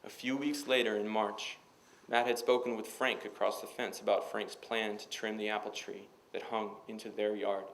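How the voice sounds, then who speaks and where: Author guy reading his story at a campus event, low voice, slight hiss in the background. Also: little pitch movement, moderate pace, vocal fry, fairly bright tone, rough recording. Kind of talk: reading fiction aloud.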